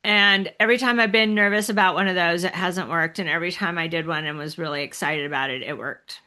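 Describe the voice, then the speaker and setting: A woman speaks as a podcast guest, her voice bright and forward. She talks candidly and reflectively in a relaxed conversational way, often laughing at her own stories. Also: on the low side, quick pace. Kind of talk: conversational interview.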